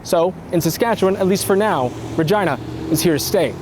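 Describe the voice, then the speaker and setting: A man reporting a news story in a measured, explanatory way. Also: high voice, noisy background.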